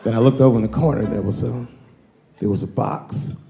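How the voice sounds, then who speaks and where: A man's voice: medium pitch, brisk, creaky, roomy sound. A man telling a long, profane stand-up story, acting out the people in it. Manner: profane, animated, acts out characters. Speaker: stand-up comedian.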